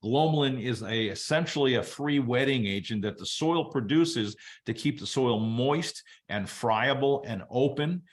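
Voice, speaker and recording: A man presenting a webinar, explaining soil biology at a relaxed teaching pace with casual asides. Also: medium pitch, measured pace, few pauses. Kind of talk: explaining soil science to an audience.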